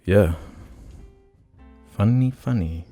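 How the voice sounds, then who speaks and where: A man with a very deep voice rambles through a story on a casual podcast, full of "like" and "um". Soft music sits faintly underneath. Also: extremely slow. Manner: rambling storyteller, many fillers and restarts. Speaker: podcast co-host. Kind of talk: casual chat.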